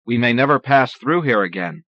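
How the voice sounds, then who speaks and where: A man reading an audiobook voicing a mellow, easygoing man who talks in a laid-back, distracted way. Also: medium pitch, expressive, normal speed, no room sound, natural voice. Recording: dull lo-fi cassette audio.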